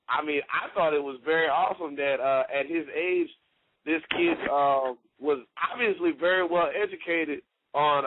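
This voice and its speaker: A wrestler calling into a radio show rambles through casual stories, sprinkling in plenty of "you know" and "like." His pitch is fairly high, and the recording is a tinny, dry phone line.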